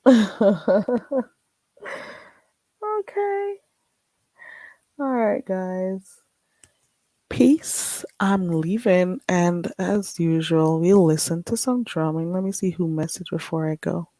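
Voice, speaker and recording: A woman's voice: on the low side, lively intonation, slow, long pauses, mellow, no echo. A woman with a Caribbean accent, chatting bluntly and casually with viewers as a livestream host. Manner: blunt, chatty, frequent laughs. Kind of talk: casual live-stream chat.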